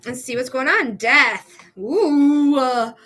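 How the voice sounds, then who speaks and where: A woman's voice: high-pitched, expressive, normal speed, bright, forceful tone. A woman hosting a live psychic reading stream, chatting casually with viewers and swearing now and then.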